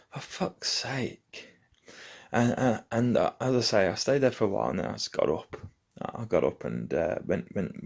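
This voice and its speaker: A man's voice: low-pitched, gravelly. A man casually telling a rambling story to camera from his home. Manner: rambling, loose anecdote-telling. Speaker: vlogger. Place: at home, indoors.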